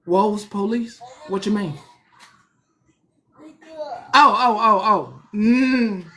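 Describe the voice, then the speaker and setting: High, bright-voiced man ranting. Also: very slow. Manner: animated, profane, preachy. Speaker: livestream host. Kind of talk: casual livestream rant.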